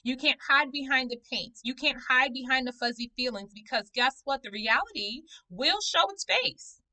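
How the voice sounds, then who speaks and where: A woman, talking to camera in a casual vlog about her own healing, animated and conversational, with playful asides. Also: high voice, moderate pace, rough recording. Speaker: vlogger reviewing a book. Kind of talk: casual personal vlog talk.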